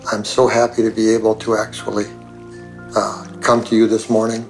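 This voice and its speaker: A man from Canada calls in with an earnest, halting prayer request. His voice is low-pitched and almost completely flat, with faint music behind him. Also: vocal fry, low-quality recording. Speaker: caller.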